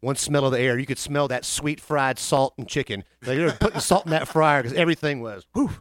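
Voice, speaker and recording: Man, podcast host, animated storyteller, does voices. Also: mid-range voice, brisk, no echo, studio quality. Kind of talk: casual storytelling chat.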